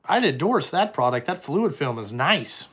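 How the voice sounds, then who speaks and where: A young man rambles through a casual live stream and swears freely as he answers viewers. His speaking voice sits a little high for a man. The talk is loose and conversational. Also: very animated, moderate pace, a bit bright, breathy edge. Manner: profane, rambling, answers chat questions. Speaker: trucking company owner streaming live.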